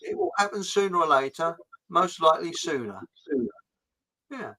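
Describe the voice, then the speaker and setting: A middle-aged man with a fairly high, bright, forceful voice hosts a loose live chat. He rambles and jokes, reading out viewer comments between asides. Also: sing-song, normal speed, low-quality recording. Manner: jokey and rambling, with frequent fillers. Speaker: host of a live online chat show.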